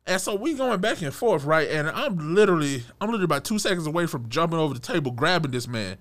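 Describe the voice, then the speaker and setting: A young man retelling a personal run-in in a casual storytime, animated, restarting his sentences and chuckling as he goes. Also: fairly high pitch, fast.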